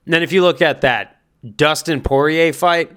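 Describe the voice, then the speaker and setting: A man's voice: fairly high pitch, fairly even intonation, normal speed, fairly bright tone, clean tone. A man giving casual spoken fight commentary, thinking aloud and hedging his guesses, then giving direct advice.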